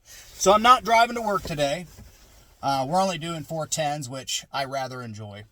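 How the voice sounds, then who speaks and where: A man's voice: fairly high pitch, expressive, normal speed, sharp tone. A middle-aged man vlogging from a parked car in his garage, musing in a rambling, casual way with restarts and asides.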